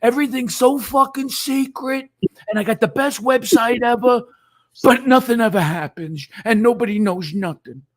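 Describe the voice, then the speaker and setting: A man putting on an impression of a boastful middle-aged pillow salesman, crude and shouting like an infomercial. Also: extremely high pitch, moderate pace.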